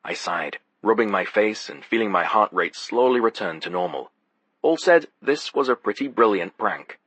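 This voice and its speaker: A man narrates a first-person audiobook with a wry, sardonic touch. His voice sits low with a husky grain, and the recording is dry and close. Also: expressive, moderate pace, a bit bright, dry recording.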